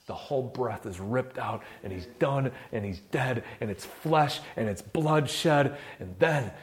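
Guy preaching, casual and slangy, goes quiet and low then builds up loud, mid pitched voice. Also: animated, unhurried, hardly any pauses. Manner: swings from hushed low murmurs to loud impassioned peaks. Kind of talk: sermon.

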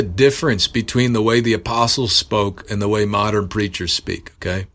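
Male preacher, lowish pitch, earnest sermon, emphatic surges, self-correcting. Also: steady tone, normal speed, fairly bright tone.

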